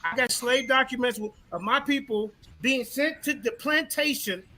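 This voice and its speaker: A man with a very high, bright voice argues defiantly in a heated debate, repeating himself and talking over his opponent. His tone is forceful and pushes back hard. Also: normal speed. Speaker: debate participant.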